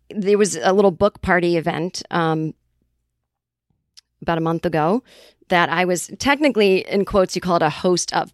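A woman's voice: lowish voice, no echo. Casual woman podcaster from Boston, rambly and profane, close dry mic. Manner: rambling and profane, full of tangents and fillers. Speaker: comedian and podcast host. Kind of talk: casual chat.

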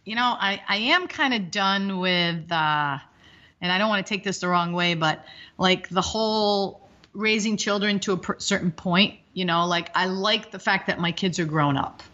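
A woman's voice: mid-range voice, normal speed, lo-fi sound. A woman in her fifties, a hockey coach, chatting energetically as an interview guest and telling rambling stories. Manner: energetic, rambling, animated storytelling. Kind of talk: casual interview chat.

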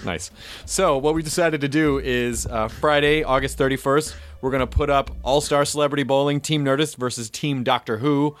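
A man's voice: mid-range voice, fairly even intonation, moderate pace, soft background music. Chatty joking man hosting a podcast. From Southern United States. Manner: playful, jokey, chatty. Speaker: podcast host. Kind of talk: casual podcast chat with ad reads.

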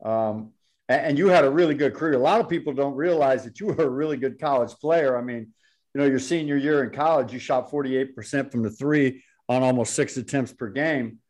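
A man's voice: medium pitch, a little fast, a little mellow. A middle-aged man co-hosting a casual podcast, asking long, hesitant questions. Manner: rambling, hesitant questions with many fillers. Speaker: podcast co-host.

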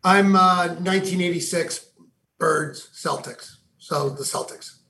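A man's voice: sits high, slow pace, gravelly, sharp tone, reverberant. A man with a Boston accent in casual chat, playful and joking.

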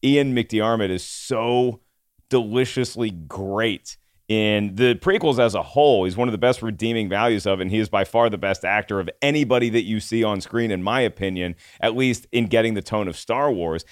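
A man's voice: fairly low pitch, clean tone, no echo, studio quality. A man hosting a casual panel podcast, chatty and opinionated, with self-deprecating jokes. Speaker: podcast host.

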